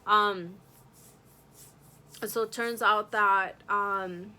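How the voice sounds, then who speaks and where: A woman's voice: medium pitch, steady tone, very slow, pushed and bright, smooth. A young woman vlogger casually telling a personal scary story to her viewers, full of fillers and asides. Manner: chatty, many fillers, addresses viewers directly.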